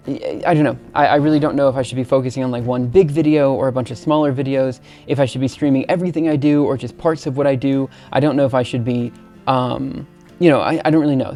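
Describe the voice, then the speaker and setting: A young man talking on a live stream, circling his thoughts with lots of ums and false starts. His voice has a gravelly fry to it, sitting at an ordinary pitch. Faint music plays behind him. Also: dark tone. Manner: hesitant, many ums and restarts. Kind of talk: rambling casual live stream talk.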